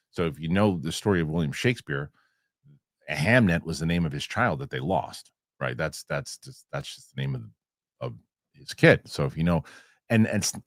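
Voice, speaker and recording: A man's voice: low-pitched, dry recording, clean studio sound. A man hosting a casual movie chat show, talking. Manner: rambling with many restarts. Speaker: host.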